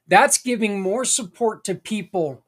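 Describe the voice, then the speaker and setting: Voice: mid-range voice, a little slow. Podcast host, folksy, rambling, earnest and encouraging, casual monologue. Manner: folksy and rambling, with tangents and mild swearing.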